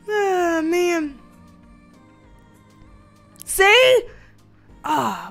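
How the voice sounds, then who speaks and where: A woman hosting a casual livestream at home, chatting and reading out viewer comments with frequent laughter and a playful, animated manner. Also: high-pitched, measured pace, pauses often, faint music behind. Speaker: livestream host.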